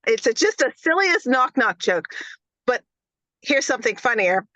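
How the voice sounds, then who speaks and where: A woman nurse, a guest on a podcast, telling animated stories with laughs. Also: a little high, normal speed, no echo, lo-fi sound. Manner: animated storyteller, laughs, fillers. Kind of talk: podcast interview.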